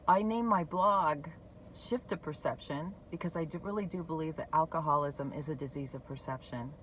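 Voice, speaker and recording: A woman talking candidly and conversationally about her own recovery, sharing a personal story in a relaxed way. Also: deep voice, slight background noise, rough recording. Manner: candid, conversational, laughs at herself. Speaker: recovery blogger. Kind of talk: personal testimony talk.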